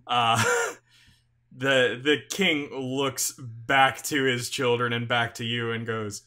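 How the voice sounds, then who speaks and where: A man running a tabletop role-playing game as game master, narrating haltingly with many fillers and restarts and voicing a king. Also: medium pitch, little pitch movement, sharp tone.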